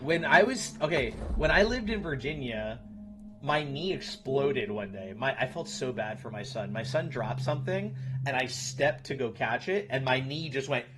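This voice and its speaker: A man in his thirties chatting casually with his stream viewers in a blunt, profane way. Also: mid-range voice. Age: 30s. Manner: blunt, profane, talks to chat. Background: music.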